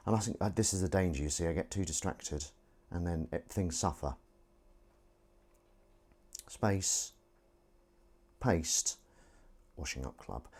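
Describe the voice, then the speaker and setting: A deep, slightly husky man talks on his own stream, half to himself and half to his viewers. He rambles and mocks his own phrasing, chatty and unpolished. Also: slow pace, pauses often, a little mellow. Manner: rambling, self-mocking, talks to himself while setting up. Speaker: livestream host. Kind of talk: casual solo livestream chat.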